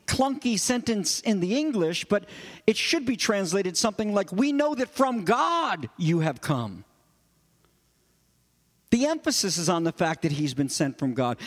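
High-voiced male preacher in reverb. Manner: expository preaching, swinging between raised emphasis and low quiet asides. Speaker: pastor. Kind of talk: sermon.

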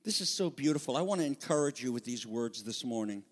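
A man preaching a sermon with passion, moving between loud emphatic peaks and hushed, intimate asides. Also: medium pitch, animated, quick pace, long reverb tail. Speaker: pastor.

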